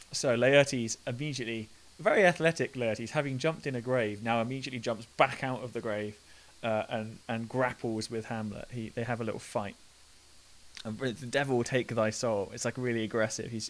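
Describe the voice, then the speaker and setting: A man's voice: medium pitch, fairly bright tone, poor audio. A man, teaching a literature lesson in a chatty way and putting old verse into slangy everyday speech. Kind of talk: talking through a play line by line. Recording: faint hiss.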